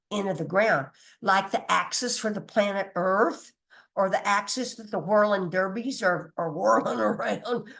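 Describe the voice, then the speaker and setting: A woman's voice: mid-range voice, fairly bright tone. A woman giving an informal spiritual teaching, chatty and emphatic, often laughing and mildly cursing, sometimes losing her place or reading from notes. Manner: loses her place and restarts, reads from notes.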